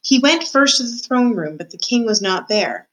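A woman's voice: a little high, expressive, normal speed, fairly bright tone, poor audio. Woman reading a novel aloud. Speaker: student reader.

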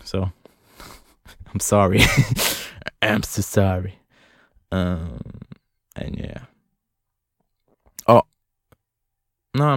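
A man's voice: fairly low pitch, a little mellow, no room sound, studio quality. A young man hosting a solo podcast from a closet, rambling in a profane, self-mocking, jokey way. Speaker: podcast host. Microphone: close studio mic.

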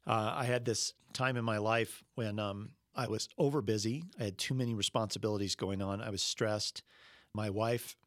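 A middle-aged man preaching a sermon, telling a personal story earnestly and slowing down when he quotes Jesus. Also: lowish voice, fairly even intonation, no room sound, clean studio sound. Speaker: pastor.

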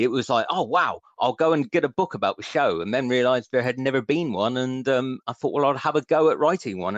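A man's voice: mid-range voice, no echo, dull audio. A man in his thirties with a West Country accent, a book author talking eagerly and chattily as a radio interview guest, often restarting his words. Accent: West Country English. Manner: enthusiastic, chatty, with frequent restarts. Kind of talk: radio interview, casual chat.

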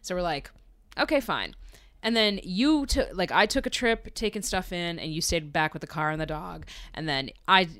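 A woman's voice: fairly low pitch, lively intonation, normal speed, a bit bright. A woman co-hosting a podcast, telling a story in casual, profane chat and laughing often. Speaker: podcast co-host.

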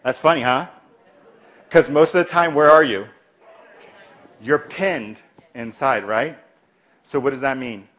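A man giving an instructional talk on de-escalation as a clinician, lively and often dropping to a soft, calm voice to act out replies. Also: medium pitch, measured pace, pauses often.

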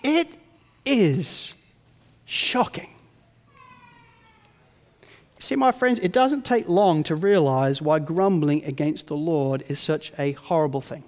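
A man preaching a sermon, animated, who acts out the grumbling voices of the people in his story. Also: a little high, normal speed, few pauses, in a large hall. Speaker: pastor.

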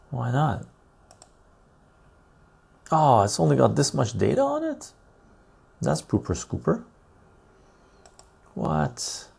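A man's voice: medium pitch, creaky, a little mellow, breathy edge. A man hosting a live stream, thinking aloud in casual commentary as he pulls up stock charts, muttering and checking in with "right?".

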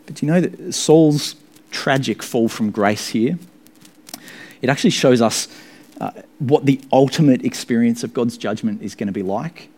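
Male preacher at a mid pitch, earnest and emphatic, giving a sermon with sudden lifts in his voice. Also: normal speed, darkish tone.

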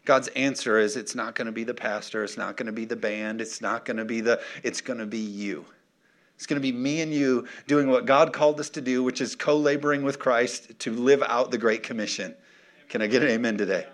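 A man's voice: mid-range voice, fairly even intonation, fairly quick. A male pastor preaching an emphatic sermon, often calling for the congregation's response.

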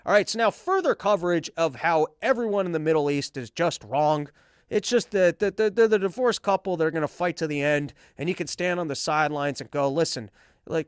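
A man's voice: fairly high pitch, a little fast, clear, resonant tone, dry recording, clean studio sound. A man hosting a podcast, giving casual, rambling political commentary and sarcastically mocking others in put-on quotes. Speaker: podcast host.

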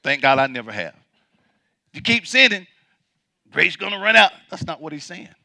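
A male pastor preaching a sermon emphatically, repeating his points and swinging between loud declarations and quiet asides. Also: a little high, very animated, moderate pace, vocal fry, no echo, studio quality.

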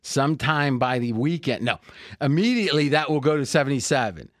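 A man hosting a sports betting podcast in a joking, salesy way, pitching deals to his listeners. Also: animated, brisk, a bit bright, dry recording, clean studio sound. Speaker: podcast host.

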